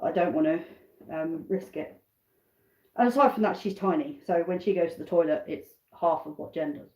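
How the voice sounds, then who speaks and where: This British woman's voice is lowish and darkish, with a moderate pace, captured in a low-quality, reverberant recording. She keeps backyard chickens and rambles casually on a live stream from her kitchen, going between tasks and asides.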